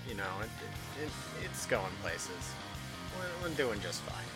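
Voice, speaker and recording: A man's voice: lowish voice, big pitch swings, moderate pace, loud music behind the voice. A man co-hosting a podcast in casual chat, laughing and swearing often, with many restarts. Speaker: podcast co-host.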